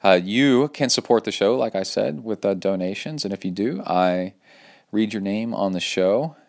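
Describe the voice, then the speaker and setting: A man with a low, deep voice hosts his own podcast in a loose, rambling style, full of "uh"s and "um"s. He sounds upbeat and enthusiastic as he talks through his news. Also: lively intonation, normal speed, gravelly, a little mellow. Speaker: podcast host. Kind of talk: casual solo podcast talk with sponsor read.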